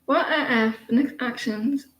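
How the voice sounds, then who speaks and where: A woman's voice: fairly high pitch, measured pace, a bit bright, echoey room, rough recording. An Irish woman in her forties giving a chatty, rambling live tarot reading, with many restarts. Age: 40s. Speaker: tarot reader.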